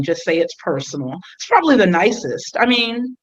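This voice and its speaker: A woman's voice: a little high, very animated, fairly quick, highs cut off. A woman hosting a casual podcast chat, reading out examples and laughing along.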